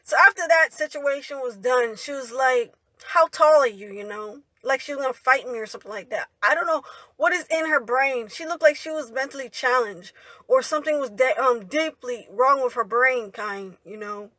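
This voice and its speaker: A woman's voice: high voice, moderate pace, sharp tone, no room sound. A young woman telling a story in a rambling, indignant way, ending her lines with "right?" and "you know". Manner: indignant retelling. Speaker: vlogger. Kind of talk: storytime monologue.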